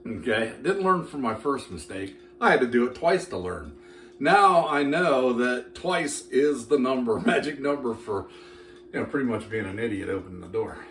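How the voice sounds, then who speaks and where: A man's voice: mid-range voice, a bit bright, echoey room, slight background noise. A man demonstrating a recipe in a casual cooking vlog, folksy and joking as he talks straight to his viewers. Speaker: home cooking vlogger. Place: home kitchen.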